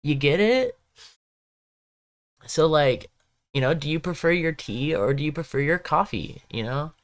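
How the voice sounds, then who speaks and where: Slow, lively Southern Californian valley-girl drawl. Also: mid-range voice. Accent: Southern Californian, Valley Girl style. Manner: drawling valley-girl delivery, full of "like" and "you know", frequent laughs. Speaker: game streamer. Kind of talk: casual live-stream chat.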